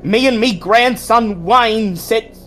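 A man's voice: sits high, takes it slowly, fairly bright tone, pitched above the performer's own voice. Old man stammering in terror, a man putting him on, voice shoots way up, faint music behind. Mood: panicked. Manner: stammering, pleading, panicked.

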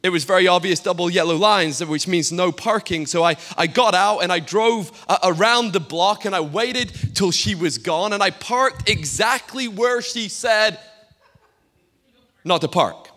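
A Scottish man, a guest pastor, preaching a sermon with humorous storytelling and quick stammered repeats, in a church hall. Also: sits high, pushed and bright. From Scotland. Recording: long reverb of a church hall.

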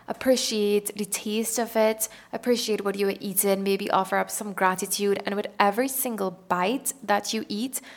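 A young adult woman hosting a self-help podcast, talking casually and earnestly and laughing at herself now and then. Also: medium pitch. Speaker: podcast host.

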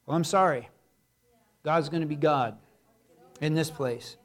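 A middle-aged man, a pastor, preaching a sermon in a church, building to loud, emphatic passages. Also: a little high, sing-song, normal speed. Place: church sanctuary.

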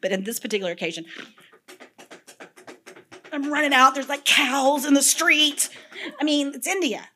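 A middle-aged woman preaching a sermon, telling stories with animated energy, dropping to whispers and breaking into shouts. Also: high voice, moderate pace, pauses often, a little hiss or hum. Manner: animated storytelling, drops to whispers and bursts into shouts.

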